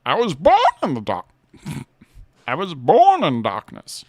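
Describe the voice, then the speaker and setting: A man doing an impression of a hulking masked male villain, speaking in a slow, theatrical cadence that swoops up and down. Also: a little high, huge pitch swings, a little mellow, no echo, voice pushed up, heavily acted. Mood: menacing.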